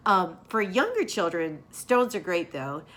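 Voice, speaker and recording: Lady teacher talking to little kids, slow, sing-songy ups and downs. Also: lowish voice. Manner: warm, animated, drawn-out delivery for kids. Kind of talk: storytelling and craft lesson for children.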